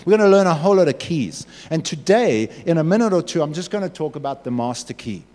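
Pastor preaching, bouncy animated voice, a bit high, big echoey hall. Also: male voice, fast. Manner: animated, acts out voices and asides. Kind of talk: sermon.

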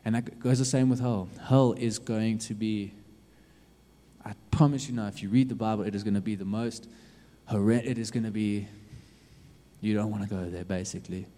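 A man's voice: lowish voice, steady tone, moderate pace. Earnest preacher man in a reverberant hall. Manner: earnest, repetitive urging with sudden loud and hushed swings. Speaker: youth preacher. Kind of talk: sermon.

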